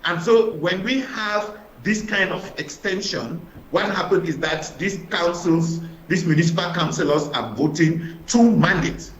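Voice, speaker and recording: Cameroonian male panelist, emphatic, stammers through fillers, slightly high voice, echoey faint-hiss line. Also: a little slow, hardly any pauses, fairly bright tone, lo-fi sound. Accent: Cameroonian English. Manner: emphatic, repeats words while searching, many fillers. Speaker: opposition party panelist. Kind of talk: studio panel debate.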